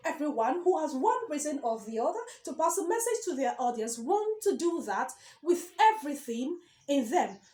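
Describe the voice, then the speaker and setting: Female speech coach, emphatic and questioning, lively swinging pitch. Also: normal speed, echoey room. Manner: emphatic, repeats key words, rhetorical questions. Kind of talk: direct-to-camera lesson.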